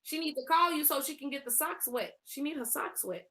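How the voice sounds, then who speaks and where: A woman's voice: high voice, animated, brisk, pushed and bright. A woman co-hosting a live stream, delivering heated, profane commentary with cutting, boastful comebacks.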